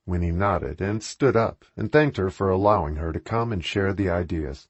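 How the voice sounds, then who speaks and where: Low husky guy reading a novel, super lively delivery. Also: moderate pace, hardly any pauses, no room sound, dull audio. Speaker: audiobook narrator. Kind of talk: audiobook narration.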